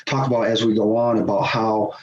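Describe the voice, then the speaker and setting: A middle-aged man, a guest on a podcast, telling a personal story in a lively conversational way, chuckling as he goes. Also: lowish voice, brisk. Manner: animated, acts out quoted voices, chuckles often. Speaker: podcast guest, hockey official. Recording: roomy, dull sound with faint hiss.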